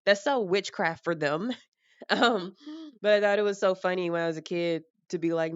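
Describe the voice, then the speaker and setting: A young woman with a low, smooth voice talks frankly and casually, rambling through her thoughts and tossing in some swearing. The sound is dry and close, though a little dull. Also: normal speed, dry recording. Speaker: vlogger. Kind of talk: casual personal talk.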